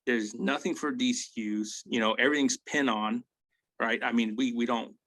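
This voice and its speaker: A man in his forties tells war stories as a guest, circling back and tossing in "right?" and "you know?" after nearly every thought. He is blunt and swears easily. His voice sits at an ordinary middle pitch and sounds dry and close, with no room around it. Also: fairly even intonation, moderate pace, a bit bright, dry recording, low-quality recording. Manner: rambling, tag questions like "right?" and "you know?". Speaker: army veteran guest. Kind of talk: casual war storytelling.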